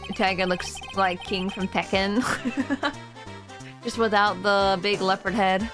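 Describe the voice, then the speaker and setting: A woman's voice: medium pitch, fairly even intonation, slow, over music. A woman streamer giving casual, giggly let's-play commentary and reacting aloud to a game.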